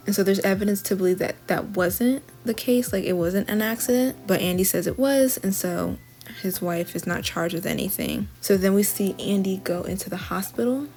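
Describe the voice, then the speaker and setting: A woman's voice: medium pitch, fairly even intonation, brisk, a little mellow, faint music behind. A young adult woman giving a casual, chatty plot recap and review of a TV show, often saying "like" and acting out what the characters said. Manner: chatty plot recap with frequent "like" and quoted dialogue. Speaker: TV review vlogger.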